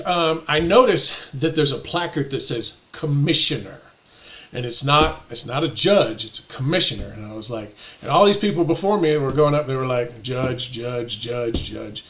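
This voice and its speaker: Man, fairly high voice, casual storytelling, indignant, animated. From United States. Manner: indignant, animated retelling with quoted exchanges. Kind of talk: casual anecdote telling.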